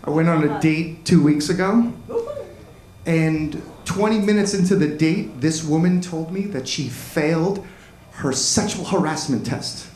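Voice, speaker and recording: A man's voice: fairly high pitch, a little slow. Self-deprecating male stand-up comic. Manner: self-deprecating, chatty with the audience. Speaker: stand-up comedian. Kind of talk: stand-up comedy set. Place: comedy club stage. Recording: echoey club with crowd noise. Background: laughing audience.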